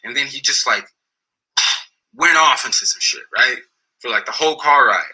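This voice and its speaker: Guest, male, husky and intense, casual slang-heavy storyteller, lots of restarts. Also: mid-range voice, moderate pace, pushed and bright, rough recording.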